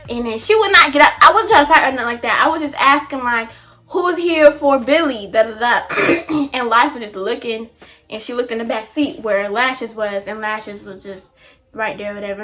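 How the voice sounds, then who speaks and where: A young woman vlogger telling a story in a chatty, animated way, full of slang and fillers. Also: high voice. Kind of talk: casual storytime.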